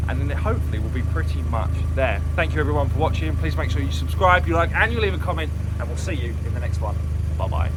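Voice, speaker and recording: A man's voice: fairly high pitch, background noise. A man, chatting casually through a car repair vlog and explaining each step as he works. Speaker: car vlogger.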